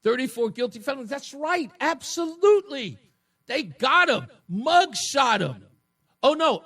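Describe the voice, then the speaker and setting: High-voiced radio host guy, swoops up and down a lot, taunting, mocking, sometimes yelling. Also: very animated, unhurried. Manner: mocking, combative, swings between shouting and low taunts. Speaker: radio talk show host. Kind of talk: opinionated political talk radio monologue.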